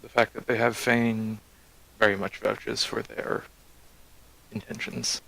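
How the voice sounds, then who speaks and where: Low gravelly man, dry role-play. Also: level tone, takes it slowly, sharp tone, rough recording. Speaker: player. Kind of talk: in-character tabletop role-play.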